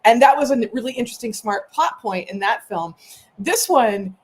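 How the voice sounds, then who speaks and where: A woman's voice: fairly high pitch, normal speed, slightly rough. Chatty, laughing woman co-hosting a podcast. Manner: chatty, laughs often, animated. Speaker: podcast co-host. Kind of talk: casual podcast chat.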